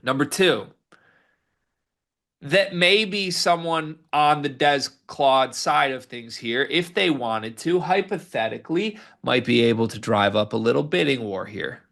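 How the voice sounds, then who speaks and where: Animated man co-hosting a sports show. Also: mid-range voice, a little slow, gravelly. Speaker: sports podcast co-host. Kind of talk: casual sports talk and ad read.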